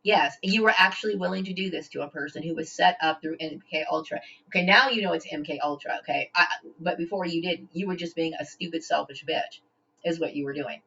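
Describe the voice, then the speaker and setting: Woman vlogger with a low voice, confrontational rant, constant "okay?", dull lo-fi sound. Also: brisk, sharp tone. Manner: confrontational, repeats "okay?" often; stammers and restarts when upset. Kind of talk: direct-to-camera rant. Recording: dull lo-fi home recording.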